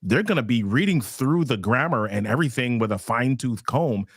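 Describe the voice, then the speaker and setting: A man's voice: medium pitch, expressive, a little fast, slightly rough, no room sound, studio quality. A man hosting a conversational interview who listens attentively and answers with short affirmations before telling his own story. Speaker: workshop host.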